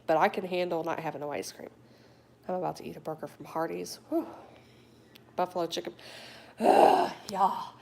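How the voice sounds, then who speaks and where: Brief: middle-aged woman, lower voice, chatty livestreamer, slips into whispered asides, phone mic, faint room hum. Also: moderate pace, vocal fry, long pauses, a little mellow. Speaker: livestreamer reading viewer chat. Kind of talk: casual live chat. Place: home in a warm state.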